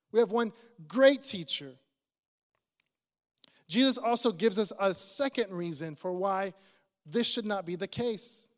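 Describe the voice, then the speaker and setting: High-voiced pastor preaching slowly. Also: male voice, big-room sound. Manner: earnest, probing with direct questions. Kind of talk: sermon. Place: church.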